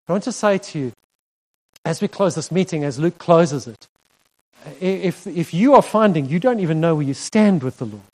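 Male pastor, fairly high voice, conversational sermon delivery with frequent laughs. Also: lively intonation, normal speed, darkish tone. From South Africa. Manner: earnest, conversational, laughs often, voice rises when stressing a point. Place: church hall.

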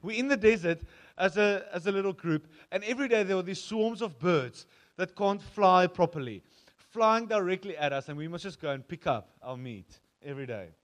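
A South African man preaching in a casual, animated sermon. His voice sits a little high for a man, and he slips into quoted voices as he tells the story. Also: normal speed. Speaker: pastor.

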